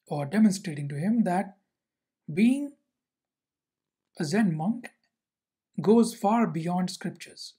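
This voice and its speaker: A teacher telling a Zen story and explaining it in a measured way, often asking "see?". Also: mid-range voice, warm tone, husky. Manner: measured, repeats rhetorical questions and "see?".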